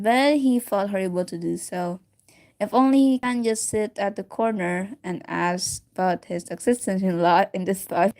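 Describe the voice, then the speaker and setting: A woman's voice: medium pitch, a little mellow. Woman reader, casual read-aloud of a story, stumbles and restarts, giggly asides, mid-range voice.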